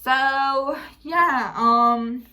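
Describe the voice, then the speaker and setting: A woman's voice: sits high, very slow, bright, forceful tone. A young woman vlogger candidly recounting a painful family story, speaking frankly and emotionally, quoting arguments and swearing now and then. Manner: emotional, frank, retells arguments with "I'm like" quotes and occasional swearing. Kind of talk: candid personal storytelling to camera.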